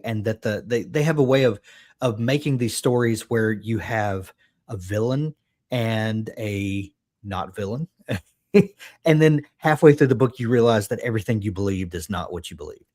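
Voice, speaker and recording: A man co-hosting a casual book chat, thinking aloud in a rambling way with many pauses. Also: mid-range voice, darkish tone. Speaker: podcast co-host.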